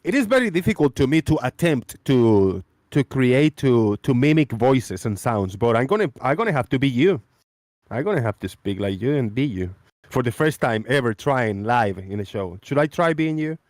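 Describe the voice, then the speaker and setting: A man's voice: medium pitch, sing-song, normal speed, darkish tone, no echo, studio quality. A man hosting a live-stream debate chat, rambling and repeating his phrases. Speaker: host.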